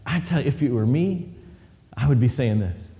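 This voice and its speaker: A middle-aged male pastor preaching an animated sermon, acting out voices and laughing often as he tells stories. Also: mid-range voice, normal speed, in a large hall.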